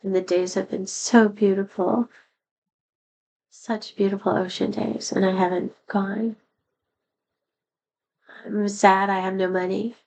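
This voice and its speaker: Still not at full vocal strength after being sick, a middle-aged vlogger delivers a sad, candid, rambling confession to the camera in a slightly worn voice. Her mid-range voice has a darkish tone and a flat delivery, and she talks slowly with frequent pauses, captured on a low-quality recording.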